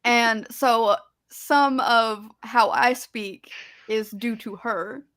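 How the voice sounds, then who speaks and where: Woman w a slight missouri twang, bright voice, dry jokes on a stream. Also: fairly high pitch, steady tone, very slow. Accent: slight rural Missouri. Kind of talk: casual banter.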